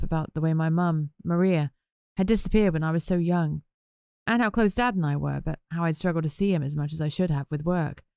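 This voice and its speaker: Woman reading a novel in first person, low voice, wry and chatty, dry close sound. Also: a little mellow, smooth, no echo. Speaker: audiobook narrator.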